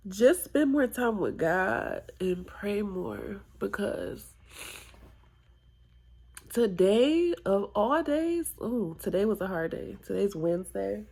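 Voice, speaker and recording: A tearful woman vlogging a personal confession, halting and reflective, with sighs and whispered asides. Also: medium pitch, vocal fry, a little mellow. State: tearful, close to crying.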